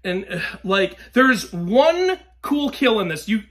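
A young man giving a ranting movie review, exasperated and swearing, swinging between loud outbursts and weary sighs. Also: high voice, big pitch swings, slow.

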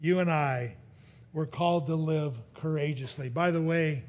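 A man's voice: fairly high pitch, a little slow, a little mellow. A male pastor preaching a sermon and telling a personal story, chuckling at his own jokes and often restarting his sentences.

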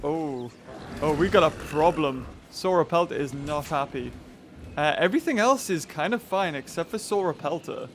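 A man hosting a let's play, chatting excitably and talking to the game's creatures as he plays. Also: fairly high pitch, moderate pace, a little hiss or hum. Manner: excitable, chatty, talks to the game characters. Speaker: gaming channel host.

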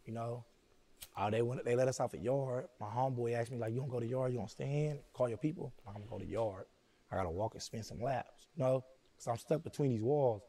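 A middle-aged man, an interview guest, telling a personal story slowly and quietly, often saying "you know what I'm saying". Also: medium pitch.

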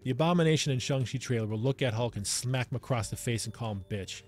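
A man's voice: mid-range voice, fast, faint music behind. Enthusiastic man reviewing a movie. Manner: enthusiastic, talks straight to viewers, keeps asking "right?". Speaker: movie review channel host. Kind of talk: casual movie review talk.

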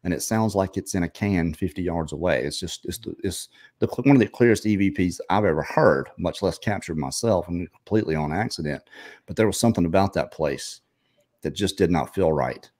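Host, male, very low voice, laid-back conversational storyteller. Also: a little fast, darkish tone. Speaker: show host. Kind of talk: casual interview chat.

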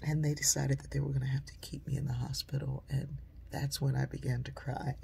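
Woman storyteller with a deeply husky, breathy voice and a warm, dark tone; conversational delivery that hushes for quoted lines. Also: flat delivery, fairly quick. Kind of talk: personal storytelling.

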